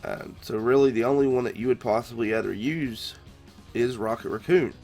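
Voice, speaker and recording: Man, stuffed-up congested nose, chatty gaming host, mid-pitched voice, faint music behind. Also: moderate pace, darkish tone. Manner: chatty and conversational. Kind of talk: casual game guide commentary.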